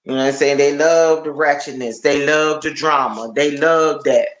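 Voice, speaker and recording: A man's voice: fairly high pitch, steady tone, moderate pace, fairly bright tone. Chatty man on a roomy livestream. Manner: rambling, repeats words, chats with viewers. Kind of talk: casual live stream chat. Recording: roomy echo.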